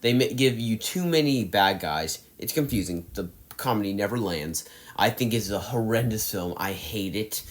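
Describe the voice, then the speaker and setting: A man's voice: on the low side, expressive, moderate pace. Exasperated young man ranking movies. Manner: emphatic, exasperated ranting with sighs. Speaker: movie reviewer. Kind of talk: casual ranking monologue.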